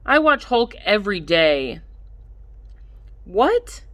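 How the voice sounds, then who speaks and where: A woman's voice: medium pitch, sing-song, slow, no room sound. A woman doing a teasing, mischievous little boy. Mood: playful. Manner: teasing, bossy.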